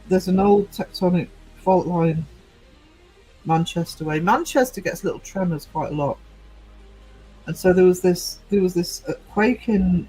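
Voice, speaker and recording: A man's voice: sits high, darkish tone, husky, low-quality recording. A middle-aged man hosting a casual livestream, rambling chattily through stories and replies to his chat. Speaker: livestream host.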